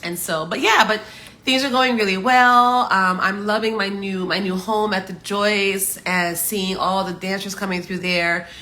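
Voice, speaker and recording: Bright-voiced woman hosting a chatty livestream. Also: mid-range voice, steady tone, a little slow. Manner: chatty and upbeat, laughs often, drops into slang. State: morning voice. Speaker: livestream host. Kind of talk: casual live chat greeting viewers.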